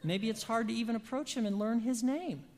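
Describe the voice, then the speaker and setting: A preacher gives a sermon in a church sanctuary, and the voice trails off into a long hall reverb. The delivery is emphatic, full of dramatic pauses, and swings from loud passages to hushed, near-whispered lines. The pitch sits in an ordinary middle range.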